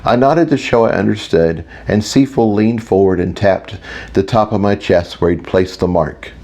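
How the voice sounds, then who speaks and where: A man's voice: fairly low pitch, moderate pace, warm tone. A man reading a first-person audiobook as a wry, self-mocking inner monologue. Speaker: audiobook narrator.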